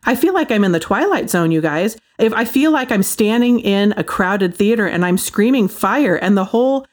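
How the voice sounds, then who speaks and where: Woman, Christian commentator, casual animated monologue to camera. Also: medium pitch, normal speed. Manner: animated, chatty storytelling with quoted voices and laughs.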